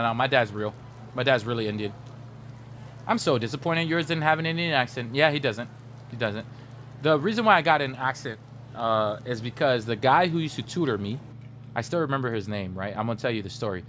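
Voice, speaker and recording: A man in his thirties tells stories to his stream chat, animated and quick to laugh. His voice sits at an ordinary pitch. A faint hiss and hum run under the recording. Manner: animated, laughing, slips into put-on voices for quoted people. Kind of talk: casual storytelling to stream chat.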